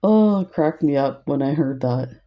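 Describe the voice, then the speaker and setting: A woman's voice: sits low, animated, normal speed, highs cut off. An older woman whose first language is French, chatting casually and laughing often while teaching a craft. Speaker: craft instructor. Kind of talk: casual crafting tutorial chat.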